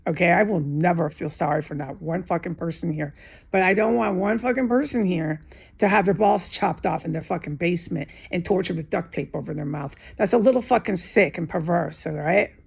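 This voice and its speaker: A woman's voice: on the low side, a little fast, vocal fry, a little mellow, husky. A woman alone in a room, talking in an agitated, profane, repetitive monologue with many restarts. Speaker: vlogger giving testimony. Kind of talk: unscripted emotional monologue to camera.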